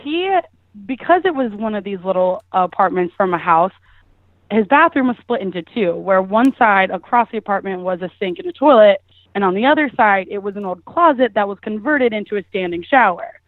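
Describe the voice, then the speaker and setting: A woman's voice: medium pitch, expressive, fairly quick, no echo. A young woman phones in to tell a story, laughing often and scattering "like" through her talk. Her voice comes through a narrow, tinny phone line with a dry, close sound. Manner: chatty, laughing, lots of "like" fillers. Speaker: caller guest. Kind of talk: casual storytelling.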